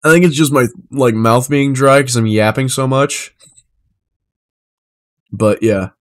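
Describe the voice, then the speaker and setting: On a live stream, a young man chats casually, rambling and swearing as his delivery swings between flat and animated. His voice is medium in pitch and unhurried.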